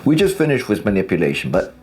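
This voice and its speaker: A man's voice: fairly low pitch, sing-song, quick pace, a little mellow, faint music behind. A man giving blunt, casual advice as a divorce coach, speaking straight to his viewers and swearing freely. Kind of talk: direct-to-camera advice talk.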